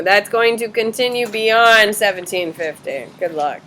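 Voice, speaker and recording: A woman teacher in a classroom, questioning students briskly and bluntly correcting their answers. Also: mid-range voice, expressive, fairly bright tone, slight background noise.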